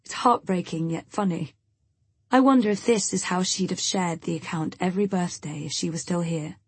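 Husky woman narrating. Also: fairly low pitch, normal speed, no echo. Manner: reflective, first-person. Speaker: audiobook narrator. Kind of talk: scripted narration.

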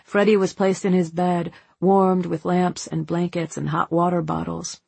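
Slow, husky audiobook narrator. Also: medium pitch, little pitch movement, a little mellow, dry recording. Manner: slow, measured reading.

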